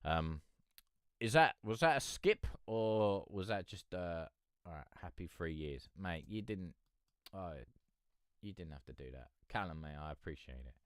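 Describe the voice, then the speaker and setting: A man's voice: deep voice, animated, measured pace, clear, resonant tone, no room sound, studio quality. A man from near London, chatting casually on a live stream as a music reviewer. He rambles, swears and keeps calling people "mate". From England, near London.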